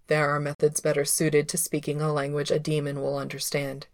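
A woman voicing a reserved male cultivator of few words who speaks low, quietly and evenly. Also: monotone, a little fast, dry recording, clean studio sound. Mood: calm.

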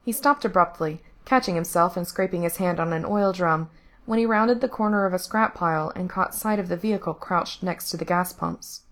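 A woman reading a story aloud, her voice sitting a little low. Her delivery is steady and measured, line by line, as she narrates.

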